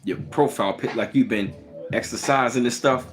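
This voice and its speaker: A man's voice: medium pitch, normal speed, soft background music. A man with a Baltimore accent, chatting casually on a live stream and greeting viewers by name. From Baltimore, Maryland. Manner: relaxed, greets chat by name.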